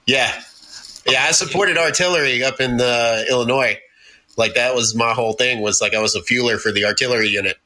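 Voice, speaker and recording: A man's voice: medium pitch, brisk, pushed and bright, rough recording. A man guesting on a podcast, telling stories in a profane, laughing, casual way.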